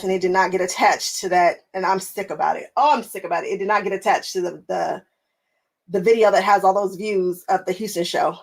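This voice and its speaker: A woman's voice: medium pitch, rough recording. Chatty, laughing woman quilting live-streamer. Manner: chatty and animated, often laughing, repeats phrases for emphasis. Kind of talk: casual live stream chat reading viewer comments. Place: home sewing room.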